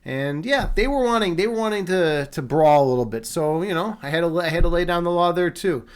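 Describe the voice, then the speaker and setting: High-voiced rambling streamer man from Chicago. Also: lively intonation, brisk, clean tone. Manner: rambling, repeats words, frequent fillers. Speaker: streamer host. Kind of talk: casual live-stream chat.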